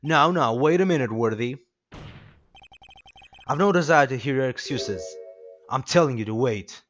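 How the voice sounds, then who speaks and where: A man's voice: medium pitch, lively intonation, a bit bright, dull audio, soft background music, close to an everyday voice. A man voicing a jolly, overbearing older police chief with a put-on, vaguely Canadian accent. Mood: jovial. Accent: put-on odd Canadian-like accent. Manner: hearty, overfriendly, drawn-out words.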